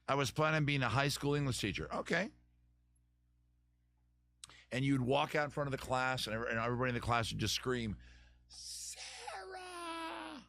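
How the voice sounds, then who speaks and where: A man's voice: mid-range voice, fairly bright tone, dry recording. Man, live-stream host, casual rambling chat, jokey, dry close sound. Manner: rambling, jokey, thinks aloud with many restarts.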